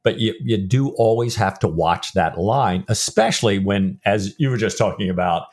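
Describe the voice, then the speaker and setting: A man's voice: lowish voice, normal speed, darkish tone. A middle-aged man co-hosting a podcast about a novel. He talks in a loose, rambling way, full of restarts and asides. When he reads passages aloud, he gives them real feeling. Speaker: podcast co-host. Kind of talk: casual book-discussion chat.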